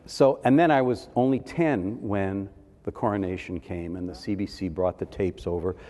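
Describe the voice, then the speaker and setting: A man's voice: low-pitched, moderate pace, dark tone. A man in his seventies from Canada, telling playful personal anecdotes as a panelist and acting out the voices of people he quotes. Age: 70s. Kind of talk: storytelling panel talk. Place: large hall. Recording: reverberant hall.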